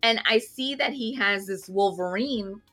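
A woman on a podcast telling a funny convention story in casual chat, animated, laughing often and acting out the people she quotes. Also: mid-range voice, a little slow, soft background music.

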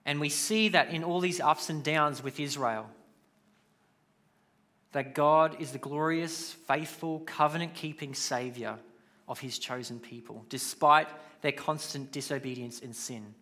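Bright-voiced man preaching. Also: fairly high pitch, measured pace. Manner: conversational preaching with casual asides. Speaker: pastor. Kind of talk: sermon.

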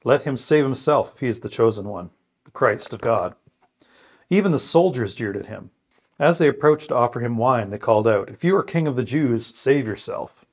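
A scripture podcast co-host speaks in a mid-range, expressive voice as he prays, reads passages aloud, and reflects. He comes across as earnest and thoughtful, often pausing and starting over.

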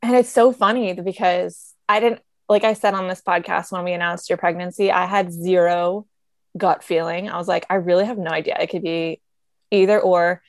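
Young mom podcaster, dry close sound, earnest chatty. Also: female voice, on the low side, fairly even intonation, normal speed, no room sound. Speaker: podcast co-host. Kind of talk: casual podcast chat. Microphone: remote call mic.

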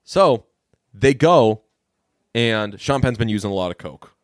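This podcast co-host talks at a normal speed while casually retelling a movie's story. Whenever he quotes a character, he jumps into a higher, raised voice, keeping the recap animated. The audio is studio quality with no echo.

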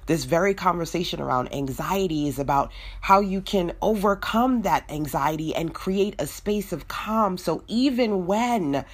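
A woman delivers a motivational faith talk with a slightly low voice. She leans on repetition and a rhythmic, preacher-like cadence, slipping into quick snippets of imagined inner voices. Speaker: podcast host.

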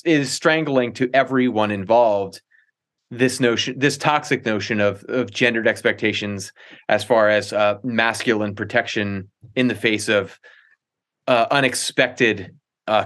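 A man's voice: medium pitch, a bit bright. A young man co-hosting a casual film podcast, talking analytically with frequent restarts and hesitations. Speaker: podcast co-host.

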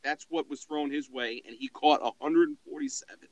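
A man co-hosting a casual sports podcast. He talks in an excitable, emphatic way and swears freely. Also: a little high, brisk, dry recording, rough recording. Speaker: podcast co-host.

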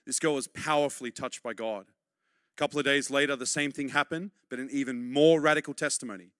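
A middle-aged man preaching a sermon, urging and repeating points for emphasis, then dropping to quiet, close tones. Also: mid-range voice, fairly even intonation, fairly quick, smooth, dry recording.

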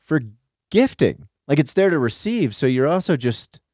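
A man's voice: fairly high pitch, very animated, normal speed, a little mellow, no echo, studio quality. A man co-hosting a casual comedy podcast, joking around and slipping into a mock announcer voice. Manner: playful, breaks into mock ad-announcer voice. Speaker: podcast co-host.

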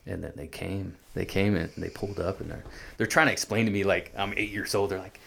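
A man from California, earnestly recounting his own hard childhood as an interview guest, halting and restarting often. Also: deep voice, steady tone, gravelly, a bit bright, breathy edge. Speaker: guest sharing his life story. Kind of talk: personal storytelling in an interview.

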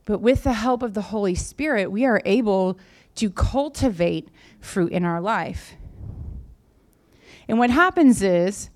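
A woman's voice: mid-range voice, animated, measured pace, long pauses, a little mellow. A woman pastor giving a sermon in a conversational way, repeating key phrases for emphasis.

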